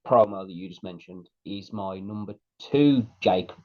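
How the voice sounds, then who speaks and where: Late-30s male co-host, casual storyteller, lowish voice, dull lo-fi recording. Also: unhurried, a little mellow. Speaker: podcast co-host. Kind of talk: casual chat.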